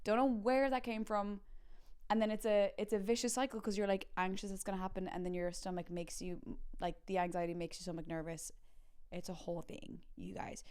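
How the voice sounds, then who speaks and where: A young woman with an Irish accent, a podcast host telling a comic story in a chatty, animated way and acting out quotes with big jumps in pitch. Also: a little fast, smooth. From Ireland.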